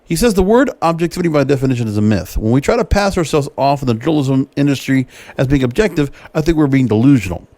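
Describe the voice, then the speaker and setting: A man's voice: medium pitch, animated, fast, hardly any pauses, dark tone, no room sound. A man hosting a solo podcast, reading quotes from an article aloud and then giving his own opinions on them. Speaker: podcast host.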